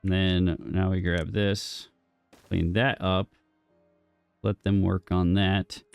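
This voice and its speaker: A lower-voiced man talks through his game at an unhurried pace, with a gravelly edge to his voice. He thinks aloud, cracks small jokes and chats to the game as if it could answer. The sound is dry and close, with no room around it. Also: level tone, dry recording, soft background music. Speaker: gaming streamer. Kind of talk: casual gameplay commentary.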